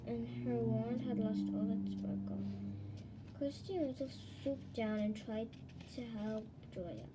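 A woman reading a children's storybook aloud with lots of expression. Her voice is fairly high and swings widely. A steady hiss sits under the home recording. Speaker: storybook reader.

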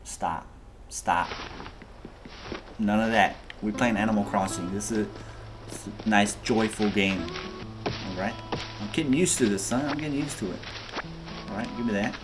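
Hyped male gamer narrating his play, slangy and loud about it, game music underneath. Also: on the low side, moderate pace, pauses often. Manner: excitable, talks to viewers as "y'all", slangy. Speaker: gaming video host. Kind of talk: casual let's-play commentary.

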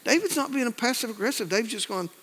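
A man's voice: very high-pitched, lively intonation, fast talker, a bit bright, long reverb tail, a little hiss or hum. A pastor in his fifties preaching a folksy sermon to his congregation, acting out other people's voices along the way. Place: church sanctuary.

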